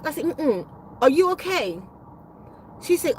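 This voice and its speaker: A woman's voice: very high voice, very animated, normal speed, long pauses, slight background noise, poor audio. A woman who hosts a spiritual healing channel, telling a rambling, profane story in a casual livestream chat. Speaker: spiritual healer and channel host.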